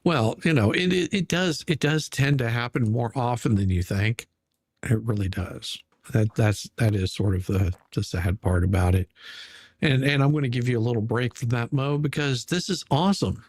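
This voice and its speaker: A man co-hosting a live stream, talking casually in halting starts and laughing easily. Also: medium pitch, dry recording, studio quality. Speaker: stream co-host.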